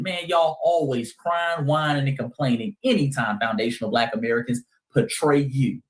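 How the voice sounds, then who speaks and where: A man's voice: mid-range voice, brisk, hardly any pauses. A man hosting a heated commentary monologue, speaking emphatically and calling his listeners family. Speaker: host.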